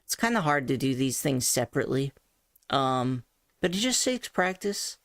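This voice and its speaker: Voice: medium pitch, sing-song, normal speed, no echo. A vlogger talking through voice training practice in a thoughtful, self-critical way, explaining each step. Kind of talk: casual voice training vlog.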